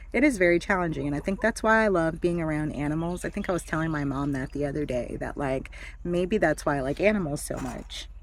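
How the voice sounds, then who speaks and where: Low-voiced woman in her thirties, chatty. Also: slight background noise. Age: 30s. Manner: candid, chatty, with frequent fillers and soft laughs. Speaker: vlogger. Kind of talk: casual personal storytelling. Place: backyard with chickens.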